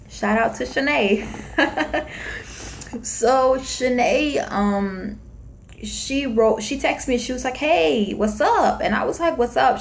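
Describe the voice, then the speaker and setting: A woman's voice: on the high side, gravelly, slight background noise. A young woman from Florida telling a personal story to the camera in a casual, chatty way, acting out what people said. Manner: chatty, animated retelling with acted-out quotes. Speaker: vlogger.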